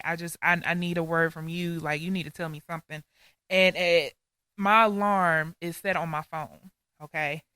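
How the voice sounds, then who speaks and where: Bright, crisp woman. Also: fairly low pitch, no echo. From Georgia, US. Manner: earnest, heartfelt storytelling. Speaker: podcast co-host. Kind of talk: personal faith testimony.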